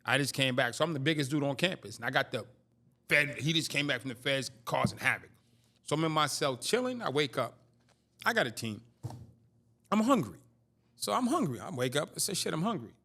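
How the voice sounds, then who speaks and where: A man's voice: on the high side, a little fast. A man in his fifties telling a streetwise story in a casual interview, acting out the dialogue. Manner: animated, streetwise, acts out dialogue. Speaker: interview guest.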